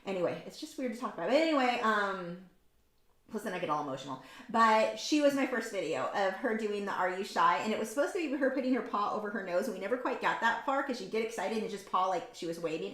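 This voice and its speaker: A fast-talking woman with a mid-range, somewhat bright voice and lively intonation hosts a painting livestream. Chatting casually as she paints, she rambles frankly and shares opinions freely, heavy on the ums and likes, in an echoey room.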